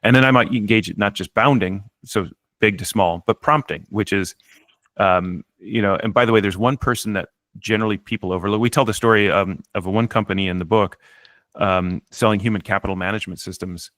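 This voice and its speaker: A man being interviewed as an author, telling a story in an animated way and often restarting his sentences. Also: on the low side, brisk, no room sound. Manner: animated, acts out quotes, frequent restarts. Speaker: author and guest.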